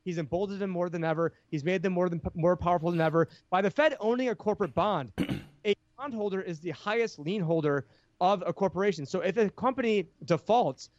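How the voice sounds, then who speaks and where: A man's voice: high voice, brisk, no room sound, highs cut off. A man talking as a podcast guest, explaining finance with heated energy and many restarts. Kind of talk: casual podcast chat.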